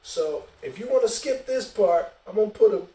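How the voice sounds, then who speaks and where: Brief: high-pitched male host, animated profane storyteller, sounding distant from the mic. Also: normal speed. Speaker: podcast host. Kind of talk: casual storytelling. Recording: roomy echo, distant mic.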